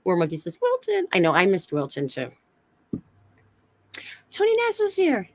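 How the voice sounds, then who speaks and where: This woman's mid-range voice swings hugely in pitch at a normal speed, with no echo. She has a slight lisp and is co-hosting a laid-back phone live stream from an Airbnb room. Giggly and chatty, she laughs with viewers and talks to the people posting in chat.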